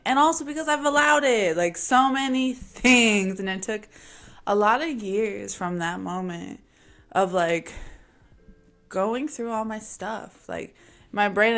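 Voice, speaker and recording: A woman vlogger talking openly about her own life in an emphatic, casual monologue. Her pitch sits in a middle range, and her delivery is slangy and confessional. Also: a bit bright. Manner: emphatic and confessional, sometimes laughing. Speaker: vlogger sharing a personal story. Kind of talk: candid personal monologue.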